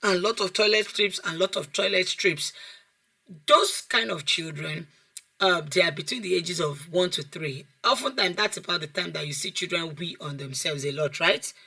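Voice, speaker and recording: A woman, a child development coach giving an online class lecture over a video call, animated, asking the class questions and repeating phrases for emphasis. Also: on the low side, normal speed, creaky.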